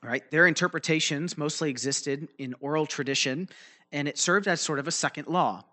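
A man preaches a teaching sermon, loosely explaining a Bible passage with fillers and restarts and checking in with listeners through frequent "right?" and "okay?" His voice is fairly high, bright and forceful, at a normal speed.

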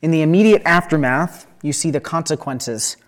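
A man reading a scripture passage aloud and then explaining it in a relaxed, conversational teaching style, often checking in with his listeners. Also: fairly high pitch, normal speed. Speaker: Bible teacher.

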